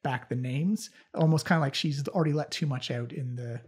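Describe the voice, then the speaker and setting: A man narrating as game master of a tabletop game, in halting, filler-heavy talk. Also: mid-range voice, slightly rough.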